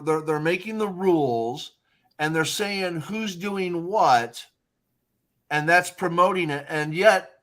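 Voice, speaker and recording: A male podcast host makes his points firmly and with conviction. His voice sits somewhat high for a man. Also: a bit bright. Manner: emphatic and opinionated. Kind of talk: podcast conversation.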